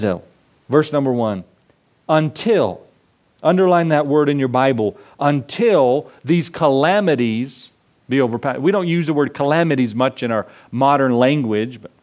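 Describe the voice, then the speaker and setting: A male pastor preaching a sermon, building emphasis through repeated lines and dropping low on key words. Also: darkish tone. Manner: preacherly, rising and falling emphasis; repetitive emphatic lists.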